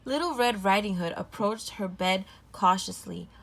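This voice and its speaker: A woman narrating a children's storybook aloud in a clear, gentle voice. Her reading stays even and measured at a middle pitch.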